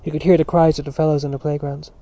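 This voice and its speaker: A man reading a novel aloud as narrator in a measured storytelling manner. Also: on the high side, flat delivery, mellow. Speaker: audiobook narrator. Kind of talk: scripted narration. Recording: dull lo-fi recording.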